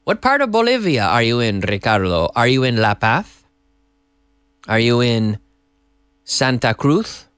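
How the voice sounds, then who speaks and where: A man's voice: medium pitch, sing-song, normal speed, a bit bright, clear, resonant tone, no echo. A man hosting a live-stream English lesson, chatting casually and reading out viewer messages from a TV studio. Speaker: English teacher and host.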